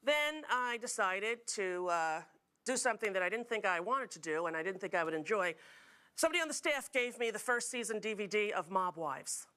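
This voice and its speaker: A woman's voice: mid-range voice, lively intonation, fairly quick, pushed and bright, clear, resonant tone. A middle-aged woman hosting a talk show, telling jokey stories to a studio audience. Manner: chatty, jokey storytelling with frequent laughs.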